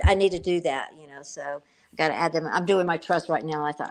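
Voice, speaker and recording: A low-voiced woman speaks as a guest over a video call. She rambles earnestly, circling back and filling pauses with "um" and "you know". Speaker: author guest. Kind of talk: emotional interview talk.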